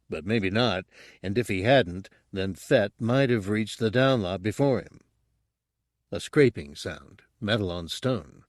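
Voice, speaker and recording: A man narrates an audiobook in a steady storytelling read. His voice is fairly low. The recording is dry and close, with no room sound. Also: no room sound. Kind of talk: scripted narration.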